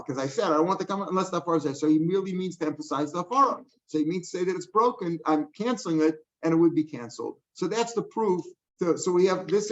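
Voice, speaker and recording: Older man teaching Talmud, lo-fi. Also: fairly high pitch. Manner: conversational teaching, frequent "right?" checks. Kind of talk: explaining a Talmud page line by line. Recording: dull lo-fi recording.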